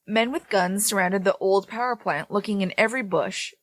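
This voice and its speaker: A woman's voice: medium pitch, moderate pace, no room sound. A woman podcast co-host reading a paranormal story aloud, breaking off now and then to laugh and joke with her co-host.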